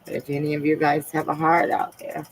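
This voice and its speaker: A woman with a notably low voice speaks softly and haltingly from home, pausing often as she confides in her viewers. Her delivery is emotional and personal over a phone or webcam mic, with a faint hiss of noise underneath. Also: monotone, poor audio. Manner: soft-spoken and halting, with frequent pauses. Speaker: live streamer. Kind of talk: casual live-stream chat.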